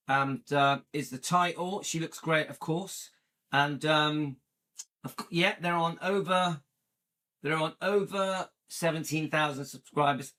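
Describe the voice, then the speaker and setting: On his own channel, a man chats casually and a bit irritably while counting views and reacting to a video, restarting himself often. His voice is fairly high, pushed and bright.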